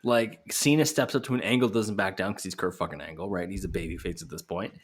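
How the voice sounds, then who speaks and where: A man's voice: low voice, quick pace, slightly rough. A man co-hosting a casual podcast, joking and swearing as he talks about wrestling matches. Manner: joking, swearing, quotes wrestlers in put-on voices. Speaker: podcast co-host.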